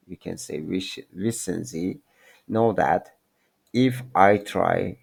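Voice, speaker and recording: Slow, gravelly low-voiced man teaching. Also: darkish tone. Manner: halting, self-correcting, apologetic non-native English. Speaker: language teacher. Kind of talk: informal screen-share language lesson.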